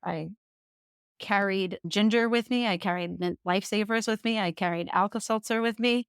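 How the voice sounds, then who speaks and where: Candid woman with a smooth voice. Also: mid-range voice, moderate pace, dry recording, clean studio sound. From Jersey Shore, USA. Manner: lively, laughs while telling stories. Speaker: podcast guest. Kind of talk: candid personal storytelling.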